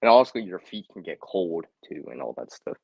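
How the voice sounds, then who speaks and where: A man's voice: low-pitched, sing-song, a little fast, vocal fry, husky, dry recording, highs cut off. A man hosting a casual live stream from home, chatty, laughing often and repeating words. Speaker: livestream host.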